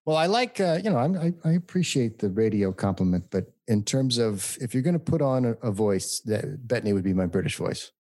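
A man from the United States in casual chat, telling animated stories and mimicking voices. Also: medium pitch, a little fast, hardly any pauses, dry recording, clean studio sound.

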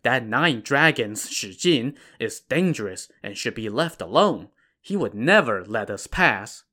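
Man reading a wary, earnest bandit chief in a told story, bright voice. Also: medium pitch, big pitch swings, a little slow, heavily acted. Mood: cautious. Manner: cautioning, earnest.

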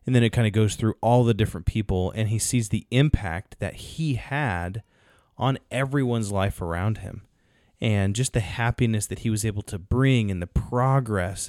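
A man's voice: fairly low pitch, normal speed, a little mellow, no room sound, clean studio sound. A man co-hosting a podcast, casually retelling a film's story with fillers. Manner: storytelling, retelling films with acted quotes. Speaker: podcast co-host. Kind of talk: casual chat.

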